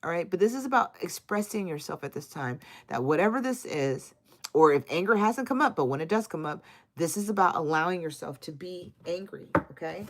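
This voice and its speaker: A woman with a low, gravelly voice reads tarot cards live for her viewers. She talks casually and affectionately, calling people "my love," slipping into slang and the odd cuss word. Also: expressive, fairly quick. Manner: reads viewer names and answers comments. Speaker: tarot reader. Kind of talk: live-stream tarot reading.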